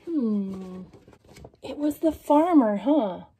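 A young woman reading a picture book aloud to children, in an animated storytelling manner and asking her young listeners questions. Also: fairly high pitch, a little slow, slightly rough.

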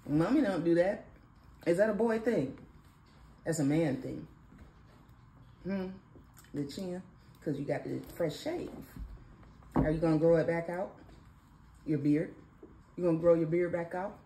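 Recorded on a phone amid room echo and faint background noise, a mother and vlog host has a playful morning chat with her son, teasing in a sing-song way. Her fairly low voice is warm, with lively intonation, at a moderate pace.

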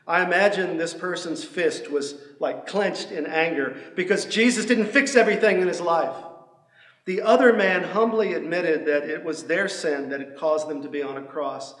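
Middle-aged male pastor, fairly high voice, earnest sermon delivery, echoey room. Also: fairly bright tone. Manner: earnest preaching, acts out quoted prayers and speakers. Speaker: senior pastor.

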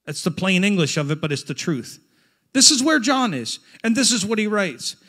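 A male pastor preaching a Pentecostal sermon, reading scripture aloud and building to fervent shouts. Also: high-pitched, big pitch swings, normal speed.

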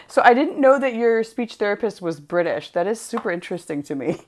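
Her medium-pitched voice is sing-song as she hosts a casual craft livestream, chatting while stamping. She's playful and giggly, with a drawn-out delivery.

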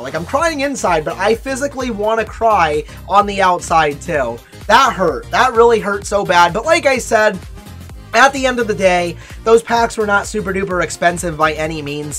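Here a mid-range, somewhat bright voice narrates a mobile game pack opening in a casual way. Before each card pack there's a countdown, and any bad luck gets a playfully overdramatic reaction.

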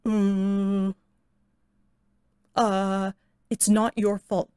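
In a dry recording, a young woman's high, husky, animated voice moves at normal speed with long pauses as she streams a horror game. She's jumpy and speaks to the game, often exclaiming and swearing, with game music behind.

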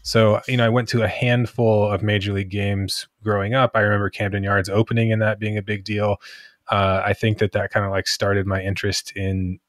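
Man, podcast host, low voice, measured storytelling, dry close sound. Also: level tone, no echo. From Washington DC area. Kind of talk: casual podcast chat.

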